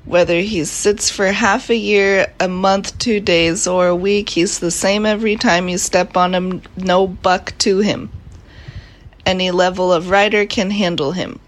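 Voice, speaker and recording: A woman with a sleepy morning voice reads haltingly and in a slow drawl, lying in bed at home. She sounds as if she is recording into a phone. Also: mid-range voice, steady tone. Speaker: listener sending a recorded ad.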